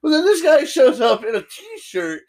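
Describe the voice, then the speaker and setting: A man's voice: very high voice, big pitch swings, normal speed, a little mellow. A young man who is a guest on a casual chat show, laughing a lot and swearing. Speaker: podcast guest.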